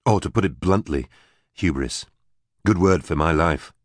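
A man's voice: deep voice, a little slow, no echo. A man doing a wry, bitter trapped man. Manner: dry, blunt, with bitter humour.

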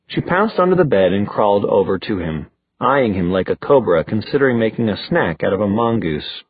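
A man narrates an audiobook in an expressive way, his pitch rising and falling freely. His voice is slightly husky, and the recording is dry and thin, like a phone line. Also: brisk, no room sound.

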